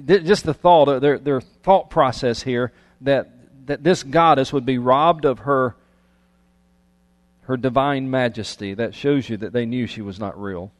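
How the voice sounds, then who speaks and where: A man preaching a sermon, reading scripture aloud and breaking off into lively, conversational asides. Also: medium pitch, in a large hall. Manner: animated, conversational preaching with restarts. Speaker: pastor.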